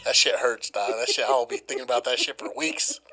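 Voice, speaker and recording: A man's voice: medium pitch, fairly quick, slightly rough. A young man co-hosting a podcast, telling a story casually with lots of swearing and acted-out quotes. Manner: profane, animated storytelling, acting out quotes. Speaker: podcast co-host.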